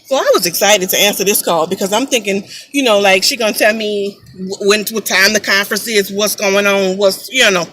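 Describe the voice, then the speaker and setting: A woman's voice: medium pitch, fairly quick, fairly bright tone, a little hiss or hum, low-quality recording. A mother casually telling a story to camera, chatty and emphatic, repeating phrases for weight.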